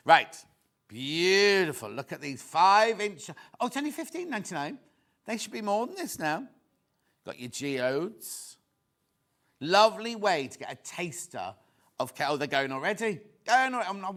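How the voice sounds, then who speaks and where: A man presenting on a TV shopping channel, chatting excitedly and tossing quick asides to viewers and crew. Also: a little high. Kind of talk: live TV selling chat.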